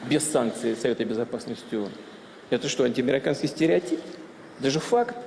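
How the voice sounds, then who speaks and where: A man making an official public statement, asking measured rhetorical questions, in an echoey hall. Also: medium pitch, vocal fry, a little mellow, a little hiss or hum. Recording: echoey hall with faint ambience.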